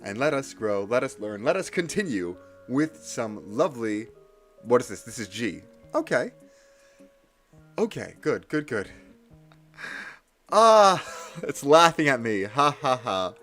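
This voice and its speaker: A man chatting casually on a live stream while practicing Japanese kana, self-deprecating and nervously energetic. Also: mid-range voice, measured pace, soft background music. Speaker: livestreamer studying Japanese kana.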